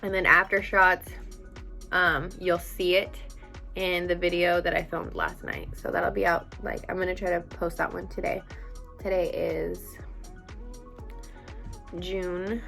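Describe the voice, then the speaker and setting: A young woman answers viewer questions in a casual, chatty vlog, blunt and animated, with a lot of fillers. Her voice has a gravelly fry running through it. Faint music plays in the background. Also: on the low side, measured pace, long pauses. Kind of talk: casual chat.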